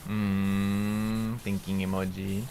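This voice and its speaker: Background noise accompanies this Canadian streamer, who talks slowly with little pitch movement during a casual gaming session. He rambles, lets out the occasional swear, and coos at his cats in a high voice.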